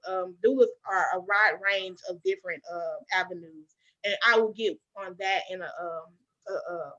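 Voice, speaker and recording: A young adult woman hosting a podcast, telling her own story in an animated, emphatic way and calling out to listeners directly. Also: medium pitch. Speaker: podcast host. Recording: slightly dull lo-fi sound.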